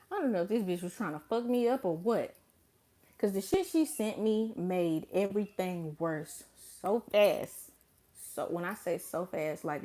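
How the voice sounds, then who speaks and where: A young woman telling a story to her vlog camera in casual chat, blunt and profane, acting out her own remarks with big swings in her voice. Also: on the low side. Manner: animated, blunt and profane, with dramatic quoted asides. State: pregnant. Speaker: vlogger.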